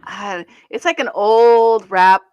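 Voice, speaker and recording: A woman co-hosting a casual interview show, chatty and quick to laugh. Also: medium pitch, a little mellow, smooth, no room sound, dull audio. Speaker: co-host.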